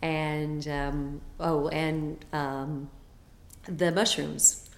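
A woman's voice: sits low, flat delivery, drawn-out words, vocal fry, roomy sound. A woman guest on a podcast, a health coach talking in a chatty, enthusiastic way with lots of fillers. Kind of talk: casual interview chat.

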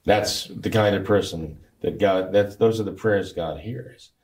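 Low gravelly priest in interview. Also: male voice, measured pace, a little mellow. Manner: earnest preaching cadence with restarts. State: gravelly recovering voice. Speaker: priest guest. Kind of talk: talk show interview.

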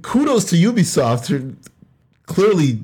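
A man hosts a casual chat podcast. He moves the conversation from one topic to the next with animated, easy talk. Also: on the high side, measured pace, breathy edge. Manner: animated, runs the segments. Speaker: podcast host.

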